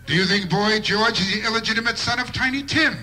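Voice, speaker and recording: A man's voice: high voice, quick pace, bright, forceful tone. A man doing a live stand-up routine with a wry observational delivery and bursts of mock outrage. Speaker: stand-up comedian.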